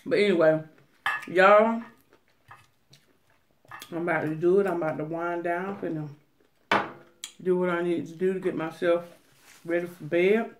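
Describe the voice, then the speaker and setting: A woman's voice: on the low side, slight background noise. A middle-aged woman, talking casually to camera on an eating channel, emphatic and preachy with many restarts. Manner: emphatic, preachy, drawn-out phrases with repeated restarts. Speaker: mukbang vlogger.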